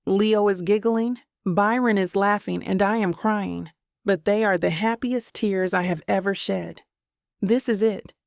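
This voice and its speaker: A woman reads a first-person romance audiobook in a warm, emotional way, with a gravelly fry in her voice. The recording is close and completely dry. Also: mid-range voice, fairly even intonation, measured pace, no room sound. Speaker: audiobook narrator.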